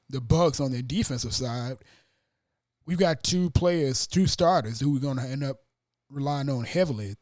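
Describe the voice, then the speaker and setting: A man hosting a casual sports podcast, talking fast and acting out his own stunned reactions. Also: medium pitch, darkish tone, dry recording, studio quality. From Atlanta area. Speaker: podcast host.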